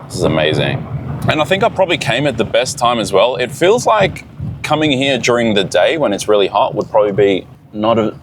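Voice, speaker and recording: A man vlogging while he drives a small car up a mountain road, excited and swearing a lot as he talks to himself. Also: mid-range voice, a little fast, background noise. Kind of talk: casual travel vlog.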